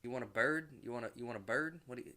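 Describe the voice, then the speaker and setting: Dude doing a smarmy arms dealer, fawning sales talk, bright sharp voice. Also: male voice, mid-range voice, close to an everyday voice. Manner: fast, fawning salesman patter. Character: smarmy, eager male weapons dealer.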